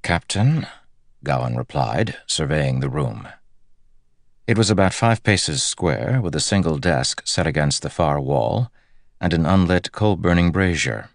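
Very deep, gravelly male narrator. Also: expressive, a little slow, no echo, clean studio sound. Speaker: audiobook narrator. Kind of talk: scripted fantasy narration.

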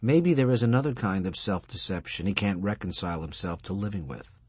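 A bitter, defiant older wife, played by a man reading aloud. She speaks quietly, clipped and cutting. Her voice is husky and dry. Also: low voice, animated, brisk, dry recording.

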